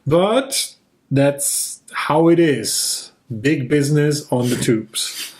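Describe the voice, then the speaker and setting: A man's voice: on the high side, extremely slow. Goofy man rambling. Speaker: podcast co-host. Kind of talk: casual chat.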